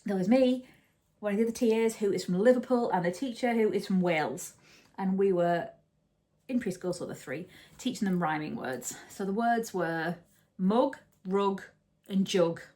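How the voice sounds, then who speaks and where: A woman's voice: mid-range voice, normal speed, dark tone. A woman chatting casually at home as host of a knitting podcast, rambling and often correcting herself. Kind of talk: casual chat.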